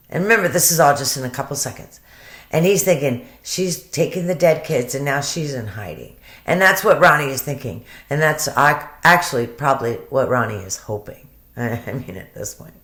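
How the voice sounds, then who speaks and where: Woman, low voice, chatty commentary, emotional, echoey home room. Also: fairly bright tone. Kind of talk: casual commentary.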